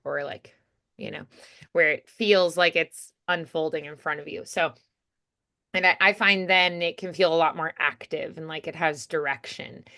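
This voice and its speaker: A woman's voice: low voice, steady tone, normal speed, pushed and bright. A woman coaching a voice actor in a chatty way, acting out sample lines and laughing often.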